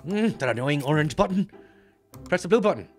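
A man's voice: fairly high pitch, lively intonation, soft background music, lightly acted. A man voicing a clumsy, short-tempered male leprechaun, commenting on a game and boasting while getting annoyed. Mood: excitable. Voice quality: boastful, bouncy, quick to get annoyed. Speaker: let's-play host. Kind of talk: cartoon character game commentary.

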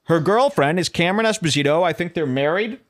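A man's voice: a little high, animated, quick pace. A man hosting a solo podcast, delivering incredulous, ranting commentary and reading social media posts aloud. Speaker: podcast host.

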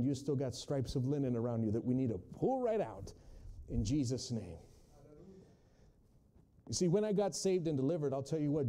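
A man preaching a sermon from the pulpit. His voice sits a little high for a man but has a deeply mellow, dark tone. He moves from hushed storytelling into loud, emphatic calls. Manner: testimony-driven, swings from hushed to loud emphatic quotes.

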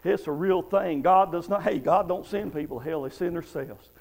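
A man's voice: high-pitched, moderate pace, creaky, poor audio. A man preaching a fervent revival sermon in a church, punctuated with frequent amens. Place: church sanctuary.

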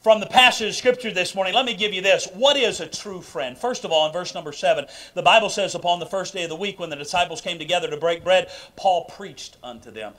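Man, pastor, high-pitched voice, emphatic sermon, rhetorical questions, loud then quiet, live church service. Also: fast talker, few pauses. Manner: swings between loud bursts and quiet low asides.

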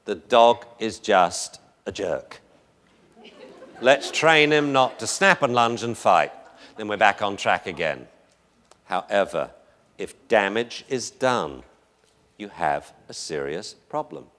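A man's voice: lowish voice, expressive, measured pace, fairly bright tone. A man giving a live lecture on dog behavior in a chatty, joking, anecdotal way.

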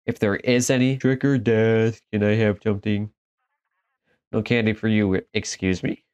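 A man's voice: on the low side, flat delivery, normal speed, darkish tone, smooth, dull audio. A man commenting as he plays horror games, joking and laughing easily and chatting to the characters on screen. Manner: jokey, laughs easily, talks to the game characters. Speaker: gaming video host. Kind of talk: horror game let's play commentary.

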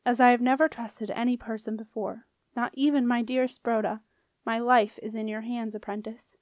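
A woman's voice: fairly high pitch, fairly even intonation, normal speed, no room sound, lightly acted. A woman reading the part of a lanky male alchemist who speaks in an archaic, formal way, in a dry recording. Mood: grave. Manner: old-fashioned formal speech.

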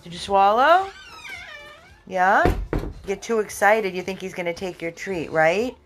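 A woman's voice: medium pitch, expressive, unhurried. A woman running a dog rescue, chatting casually to viewers and cooing at her dogs in baby talk. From Florida.

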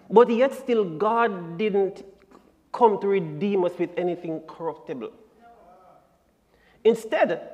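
A man presents a Bible lesson in a church sanctuary. He speaks slowly in a fairly high voice, stressing key words emphatically. His voice rings with the long echo of the church hall. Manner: deliberate and emphatic, building to strong stresses. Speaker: Sabbath School lesson presenter.

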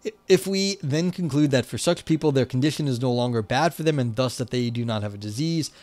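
A man with a New York accent hosts a livestream. He moves between reading dense academic text aloud and loose, filler-heavy chat with his viewers. His voice sits at an ordinary middle pitch, recorded dry and close. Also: fairly quick, darkish tone, no room sound. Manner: reads academic text then chats loosely with many fillers. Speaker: livestream host reading a paper.

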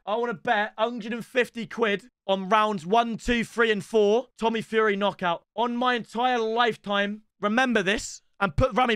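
An excitable young man streaming a football game, his voice sitting notably high. He chats loosely with viewers in slangy banter and breaks into loud shouts when things go his way. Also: smooth, dry recording. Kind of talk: live gameplay commentary.

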